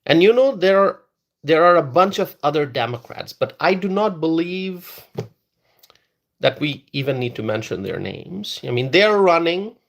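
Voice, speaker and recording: Gravelly man hosting a live political stream. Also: fairly high pitch, very animated, measured pace, highs cut off. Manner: talks straight to live chat viewers, repeats phrases for emphasis. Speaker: political livestream host.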